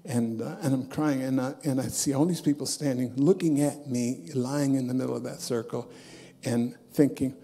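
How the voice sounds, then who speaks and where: Gravelly, mellow-voiced preacher man. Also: mid-range voice, fairly even intonation, moderate pace. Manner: storytelling, swinging between loud bursts and soft, hushed asides. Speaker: bishop and preacher. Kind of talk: sermon testimony. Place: church sanctuary.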